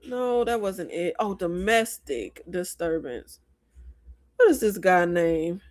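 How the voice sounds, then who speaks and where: An American woman hosting a casual movie review chat, blunt and animated, with rambling asides. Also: on the low side, takes it slowly. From United States. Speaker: host.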